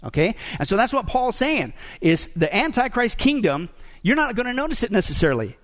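A male preacher delivers a sermon with a noticeably high voice. He is emphatic, pauses to quiz the congregation with quick questions, and breaks in with wry jokes. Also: sing-song. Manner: emphatic, rhetorical questions to the congregation, joking asides. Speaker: pastor.

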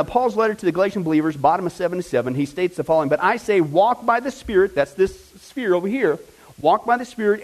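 A pastor with a high-pitched voice preaches a lively, conversational sermon, often checking in with listeners and breaking into excited exclamations. The recording is rough.

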